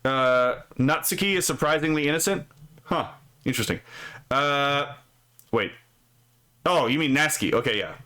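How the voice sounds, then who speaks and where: A man's voice: medium pitch, moderate pace, long pauses, bright, forceful tone. A man streaming casually, reading posts aloud and mocking them with profane, sarcastic asides, often tacking on "right?". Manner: frequent filler "right?". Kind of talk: casual live stream commentary.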